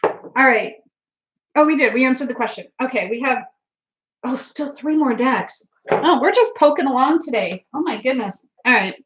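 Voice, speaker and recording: A woman's voice: high-pitched, expressive, normal speed, fairly bright tone, muffled recording. A woman hosting a casual tarot live stream, chatty and giggly, reading out viewer comments, with a runny nose. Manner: giggly, chatty, laughs often. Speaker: tarot livestream host.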